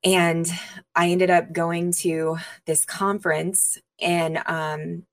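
Woman, low voice, flat and even, earnest testimony, pausing with fillers. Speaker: interview guest, minister. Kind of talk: personal testimony in an interview.

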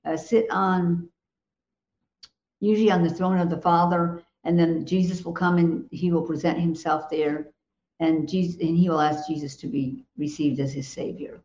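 A woman's voice: fairly low pitch, steady tone, moderate pace, darkish tone. Emphatic woman in a dull, roomy recording. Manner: emphatic and assured, with laughs. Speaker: co-host. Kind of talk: casual Christian talk show chat.

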